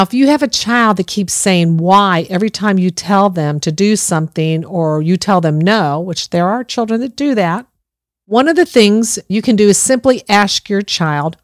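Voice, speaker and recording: A woman's voice: medium pitch, no room sound, clean studio sound. A middle-aged woman gives parenting advice in an earnest, reassuring way, speaking straight to the listener. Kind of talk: instructive parenting talk.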